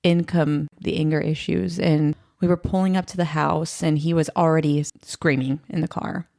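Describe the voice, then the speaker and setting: Female podcast guest, low gravelly voice, candid storytelling, emotional. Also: fairly even intonation, moderate pace, darkish tone, dry recording, clean studio sound. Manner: emotional, quotes others in her retelling.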